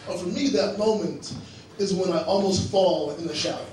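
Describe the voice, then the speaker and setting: A young man performing a stand-up comedy set in a club, animated and acting out characters. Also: high voice, normal speed. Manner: animated, acts out characters in raised voices. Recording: echoey club sound from a distant mic with loud crowd noise. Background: audience laughter.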